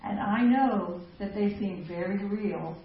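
A woman's voice: medium pitch, slow pace. A middle-aged woman gives a chatty, self-mocking talk to a women's group and laughs often as she goes. Her voice comes from a distance in a very echoey hall. The sound is dull and lo-fi, with a faint hiss behind it. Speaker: women's ministry speaker.

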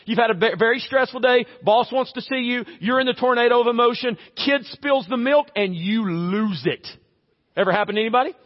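A man's voice: very high-pitched, a little fast. A man preaching a conversational, humorous sermon as a pastor, acting out little everyday scenes. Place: church sanctuary. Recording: reverberant church hall, slightly dull audio.

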